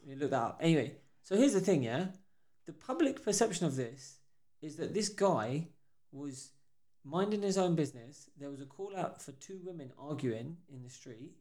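A man's voice: on the high side, normal speed. Young guy on a podcast, chatty, acts out everyone in his stories. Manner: animated storyteller acting out quotes. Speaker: podcast co-host. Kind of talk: casual chat.

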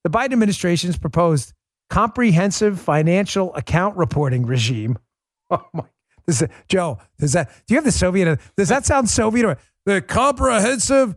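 An emphatic, sarcastic man hosts a commentary show and talks directly to his audience. His voice sits a little high for a man, and the close studio mic sounds dry, with no room echo. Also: animated, moderate pace. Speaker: show host.

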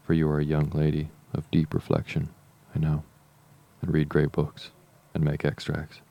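A man reading the part of a dry, teasing middle-aged country gentleman in an audiobook, with an ironic delivery. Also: rumbling low, completely flat delivery, normal speed, vocal fry, dull audio.

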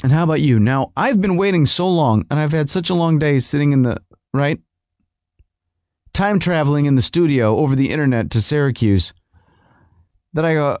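A man's voice: fairly high pitch, moderate pace, long pauses, darkish tone, no room sound, studio quality. A man hosting a podcast, telling a comic story in a whiny, rambling, exasperated way. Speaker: podcast host. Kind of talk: comedic storytelling monologue.

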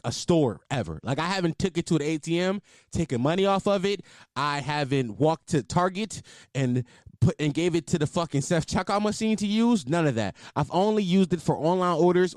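A man in his twenties telling a story casually, animated and full of profanity. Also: fairly high pitch, no echo, studio quality. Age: 20s. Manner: profane, animated, exaggerated outrage.

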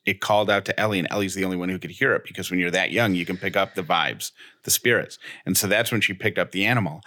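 A man's voice: sits low, sharp tone. A man co-hosting a podcast in casual chat, playfully spinning silly spooky theories. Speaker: podcast co-host.

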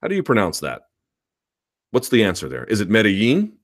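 Low-voiced man arguing on a livestream. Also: wildly swooping pitch, fairly quick. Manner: argumentative, emphatic, repeats his points. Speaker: host of a combat sports live chat show. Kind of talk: live-stream chat answering viewer comments.

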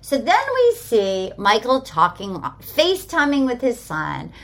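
A woman hosting a podcast with a fairly high voice, chatting casually. She is an animated storyteller who slips into the voices of the people she describes. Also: a little slow. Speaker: podcast host. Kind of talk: casual chat recapping a reality show.

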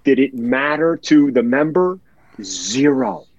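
A man's voice: mid-range voice, lively intonation, slow, muffled recording. A man telling a heartfelt personal story in a podcast chat, earnest and emotional, repeating words for emphasis.

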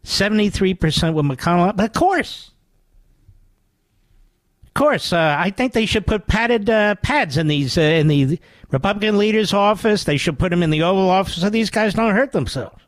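A man's voice: sits high, lively intonation, moderate pace, no room sound. A man hosting a radio talk show, delivering a sarcastic, mocking monologue full of rhetorical asides into a studio microphone.

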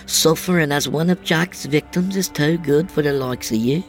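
A man voicing a vengeful young boy ghost who screeches in a high-pitched voice. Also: normal speed, faint music behind, natural voice.

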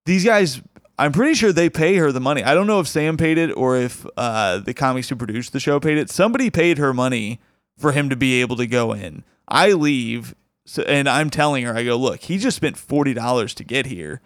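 A man's voice: mid-range voice, a little fast, no room sound, clean studio sound. A man hosting a comedy show, telling a funny story in a casual way, laughing as he goes and acting out quotes. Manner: laughs through his own story, acts out quotes.

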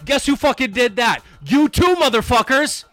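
Man going off on a sweary rant, super high voice, bright and punchy. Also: lively intonation, normal speed, no room sound. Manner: heated, mocking, swears constantly. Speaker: podcast panelist. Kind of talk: profane postgame rant.

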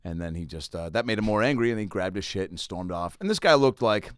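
Man, fast animated storyteller, dry close sound. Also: sits low, smooth, no room sound. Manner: animated storyteller, acts out people. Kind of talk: casual storytelling chat.

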